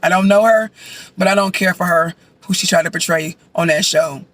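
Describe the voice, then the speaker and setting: A man chatting casually as a vlogger, reviewing a show while he eats, animated and sassy with loud outbursts. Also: sits high, fairly quick, no room sound.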